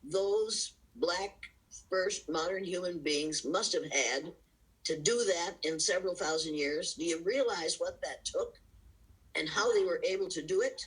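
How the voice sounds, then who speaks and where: This diversity educator, speaking as an interview guest over video call, has a fairly low, husky voice and talks a little slowly. The recording quality is low. Her answers are impassioned and emphatic, punctuated by rhetorical questions and bursts of laughter.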